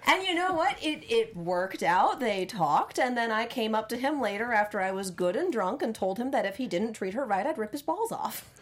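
A woman's voice: a little high, expressive, normal speed, few pauses. A woman on a podcast, telling a bar story in a blunt, joking way. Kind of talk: casual chat.

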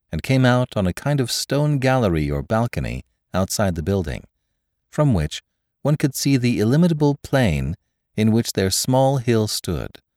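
A male podcast narrator reading a classic tale with measured, expressive storytelling. His voice sits fairly low yet moves with a lively, animated melody. The recording is close and dry, with no room sound. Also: dry recording. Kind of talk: audiobook narration.

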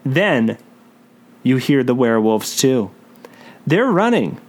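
A man hosting a comedy podcast, reading a gamebook aloud with lively storytelling and joking asides. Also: mid-range voice, takes it slowly. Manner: lively storytelling, breaks off to joke.

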